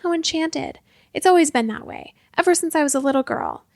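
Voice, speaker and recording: Lady doing a hot-tempered pointy-eared magic girl, snappy and scolding, high gravelly voice. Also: expressive, dry recording, clean studio sound. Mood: heated. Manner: sharp-tongued, scolding, quick to yell. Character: fiery pointy-eared magical young woman.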